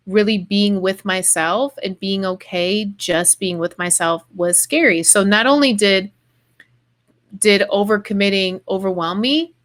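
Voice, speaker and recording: A woman hosting a podcast, telling a personal story in animated casual chat with quick asides. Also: mid-range voice. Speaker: podcast host.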